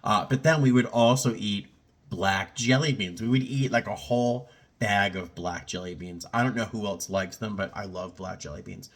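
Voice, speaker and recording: A man's voice: lowish voice, normal speed. A middle-aged man in a casual personal vlog, talking in a reflective, rambling way with many fillers and restarts, a little choked up. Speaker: vlogger.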